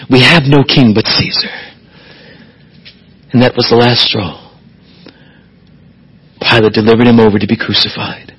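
Husky-voiced preaching pastor, emphatic. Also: male voice, mid-range voice, steady tone, normal speed, pauses often, a bit bright, rough recording. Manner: preaching with rising emphatic swells. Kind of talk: expository sermon.

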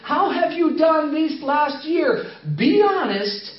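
A man preaches a story in a sermon and acts out the quotes he tells. His voice sits high and swings widely in pitch. He repeats phrases for emphasis, and the recording sounds dull and lo-fi. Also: expressive, takes it slowly. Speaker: missionary speaker.

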